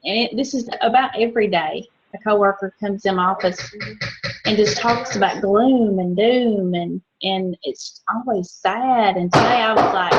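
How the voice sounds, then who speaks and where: Woman guest, fairly high, slightly muffled with faint hiss, rambling office story. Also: moderate pace, husky. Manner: storytelling with many "you know"s. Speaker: discussion participant. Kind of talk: casual group discussion. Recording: dull sound, faint noise.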